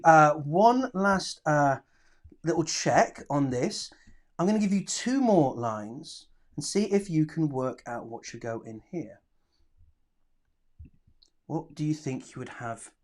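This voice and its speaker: A teacher leading a live online lesson for children, reading out their answers and praising them warmly. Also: mid-range voice. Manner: encouraging, praising, reads out answers. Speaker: primary school teacher.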